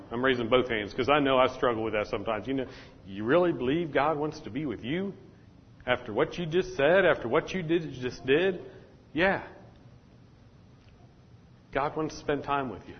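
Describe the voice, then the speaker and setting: Here a pastor whose voice is a little high with a breathy edge preaches directly to the congregation, repeating what he says in a call-and-response manner. The sound is dull and echoes like a large hall.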